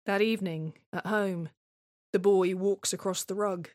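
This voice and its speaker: A woman's voice: mid-range voice, fairly even intonation, a little slow, long pauses, a little mellow, no room sound, clean studio sound. A woman performing a scripted dramatic monologue in a tense, wary, obsessive way. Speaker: playwright and solo performer.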